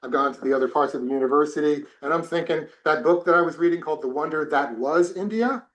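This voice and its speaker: Man, from New Jersey, professor, classroom storytelling, fairly high voice, echoey room. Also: quick pace. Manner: animated storytelling with many restarts. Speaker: religion professor. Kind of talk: classroom talk with personal stories. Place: temple classroom.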